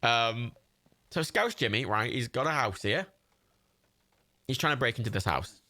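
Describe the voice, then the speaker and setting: Lively, chatty male game streamer. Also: medium pitch, normal speed, long pauses. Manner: chatty and self-mocking, swears freely. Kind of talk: casual livestream gaming commentary.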